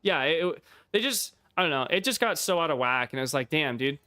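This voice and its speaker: Male streamer, somewhat high voice, rambling profane chatter, dry close-mic sound. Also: expressive, quick pace, pushed and bright, smooth, no echo. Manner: profane, rambling, laughs often. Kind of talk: casual livestream chat.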